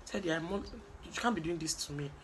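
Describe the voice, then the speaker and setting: A young Nigerian woman talks fast in a deep voice, with slight background noise. Gossipy and chatty, she recaps a reality show in an animated way, acting out what the contestants said.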